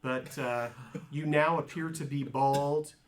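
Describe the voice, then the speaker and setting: A man running a tabletop game as game master, narrating in a halting way with repeated words and fillers. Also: medium pitch, fairly even intonation, a little hiss or hum.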